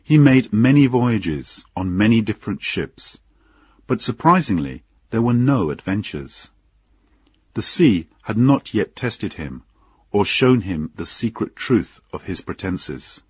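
A man narrating an audiobook in an unhurried, expressive storytelling manner. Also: on the low side, breathy edge, dry recording, clean studio sound.

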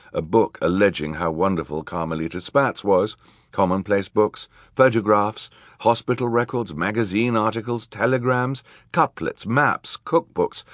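A man reading an audiobook aloud in a measured, wry storytelling manner. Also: on the low side, no room sound, clean studio sound. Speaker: audiobook narrator. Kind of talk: scripted narration.

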